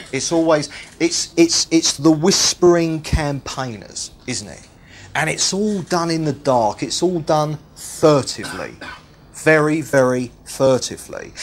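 A man's voice: fairly high pitch, a little hiss or hum. A man preaching a sermon, teaching with repetition and humorous asides.

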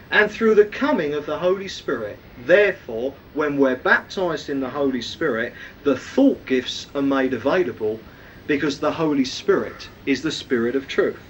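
A man's voice: high-pitched, far from the mic, slight background noise, low-quality recording. A man preaching a sermon, teaching emphatically and often asking his listeners questions. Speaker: preacher teaching a weekly series.

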